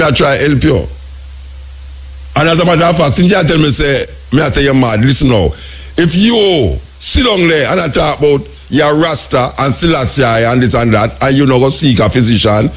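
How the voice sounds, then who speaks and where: Husky Jamaican man radio host. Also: mid-range voice, brisk, faint music behind. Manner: lecturing, exasperated, sing-song. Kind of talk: phone-in radio talk.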